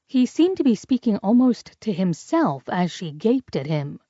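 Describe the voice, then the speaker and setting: A woman narrating a novel in a measured, even way. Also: medium pitch, no echo, muffled recording. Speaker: audiobook narrator. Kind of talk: scripted narration.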